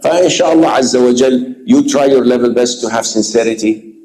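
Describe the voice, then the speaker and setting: A man's voice: medium pitch, fairly quick, mellow, roomy sound, low-quality recording. A male Islamic preacher from Indonesia talking frankly and with animation about his humor, mixing in Arabic phrases.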